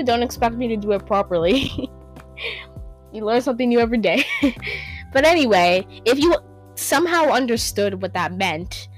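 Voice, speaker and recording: A young woman hosting a casual solo podcast, rambling, stumbling over hard words and laughing at herself, on a home microphone. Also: a little high. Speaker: podcast host.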